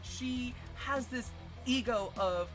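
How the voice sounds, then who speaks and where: Profane, animated young woman streamer. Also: on the high side, takes it slowly. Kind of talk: casual storytelling rant. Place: home streaming setup. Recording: stream audio with music underneath. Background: background music.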